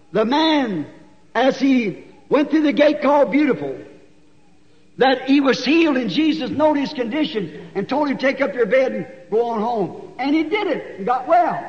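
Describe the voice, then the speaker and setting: Man, sermon, very high pitch, folksy storytelling, long hall echo. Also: dull audio. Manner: folksy storytelling, rising to shouts. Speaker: preacher.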